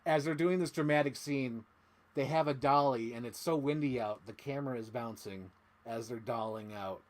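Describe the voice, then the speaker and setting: A man's voice: mid-range voice, normal speed. A man casually recapping a horror film, acting out quotes and laughing as he goes. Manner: animated retelling with acted-out quotes and laughs. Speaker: host.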